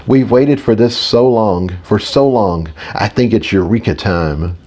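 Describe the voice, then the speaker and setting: A man's voice: fairly low pitch, a little slow, darkish tone. A man putting on a smug posh British inner voice. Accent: attempted British. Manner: smug, self-satisfied.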